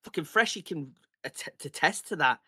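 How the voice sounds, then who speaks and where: A man's voice: on the high side, lively intonation, normal speed, pushed and bright, dry recording, clean studio sound. A man in his thirties in casual podcast chat, heated and ranting, swearing freely. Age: 30s. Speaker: podcast guest.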